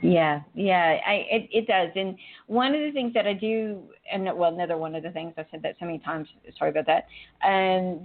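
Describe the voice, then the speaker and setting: A woman's voice: fairly low pitch, fairly quick. Chatty middle-aged woman on a phone-like line. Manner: chatty, rambling, laughs often. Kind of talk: casual chat. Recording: phone-like narrow audio.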